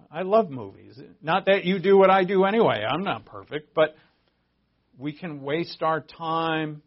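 A man preaching a casual sermon as pastor, talking in a conversational, emphatic way with asides and restarts. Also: high-pitched. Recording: dull lo-fi audio.

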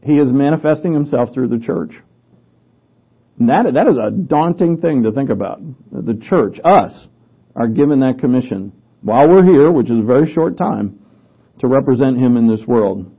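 Preacher with a tinny phone-like sound. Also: male voice, mid-range voice, lively intonation, moderate pace, breathy edge. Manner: conversational teaching, with asides and self-corrections. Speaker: pastor teaching a Bible study. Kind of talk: sermon.

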